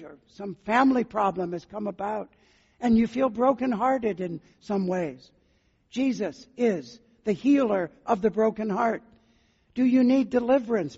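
Gravelly older male pastor preaching. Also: high-pitched, darkish tone. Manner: earnest, pleading questions to the listener. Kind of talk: sermon. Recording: muffled sound with long hall reverb.

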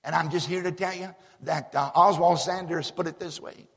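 Husky-voiced man preaching in a reverberant hall. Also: fairly high pitch, fairly even intonation, moderate pace. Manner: folksy, emphatic, repeats words. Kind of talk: sermon.

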